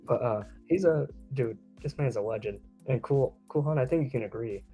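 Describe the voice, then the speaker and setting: A man hosting a relaxed livestream chat, playful and fond of little jokes. His voice has an ordinary middle pitch. Soft music plays faintly underneath. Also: moderate pace. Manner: playful and joking. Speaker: livestream host.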